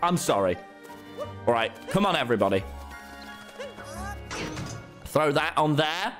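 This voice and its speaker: A man streaming a game live, excitable and swearing as he jokes with his chat. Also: on the high side, a little slow, faint music behind. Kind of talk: live gameplay commentary.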